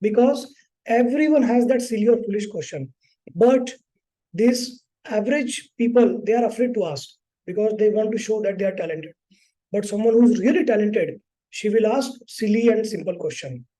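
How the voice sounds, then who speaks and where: A man with an Indian English accent teaches a psychology course in a loose, conversational way. His voice sits high, with a dark and mellow tone. He keeps checking in with his students. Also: lively intonation, moderate pace, low-quality recording. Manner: informal, repeats "okay" and "right", acts out clients. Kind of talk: live online class teaching.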